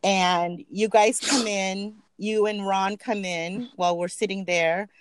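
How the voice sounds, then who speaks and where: A woman's voice: medium pitch, slow, smooth, no room sound. A woman telling funny family stories in a casual chat, laughing often and acting out what people said. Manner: animated, laughs often, acts out quotes. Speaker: podcast co-host.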